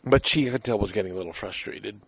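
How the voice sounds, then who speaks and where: A man's voice: lowish voice, gravelly, a little hiss or hum, rough recording. A man on his home deck, telling a candid, rambling, self-critical personal story in a casual monologue.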